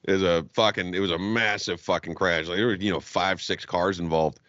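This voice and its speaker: A man's voice: sits low, steady tone, brisk, fairly bright tone, no echo, highs cut off. Brash, foul-mouthed podcast man. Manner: brash, profane, mocking. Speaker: podcast co-host. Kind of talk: crude comedy podcast banter.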